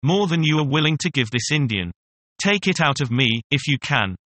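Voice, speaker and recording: A man's voice: a little high, expressive, moderate pace, a bit bright, slight background noise. A man voicing a tall young frontier captain in a storybook reading, speaking firmly and commandingly. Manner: firm, commanding.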